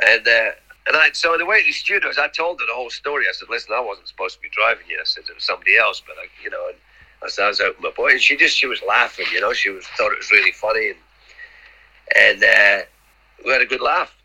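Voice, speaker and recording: This podcast guest, a middle-aged man, tells loose, anecdotal stories, acting out the dialogue and repeating words as he goes. He has a fairly low, bright voice with a forceful tone and a breathy edge, delivered at a quick pace over a rough recording.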